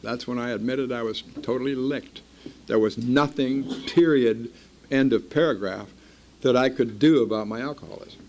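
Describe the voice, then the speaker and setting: A man's voice: medium pitch, normal speed, a little mellow, slight background noise. An older man from Iowa telling his own story to a meeting in a blunt, wry, self-mocking way. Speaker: speaker at a recovery meeting. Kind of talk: personal storytelling talk.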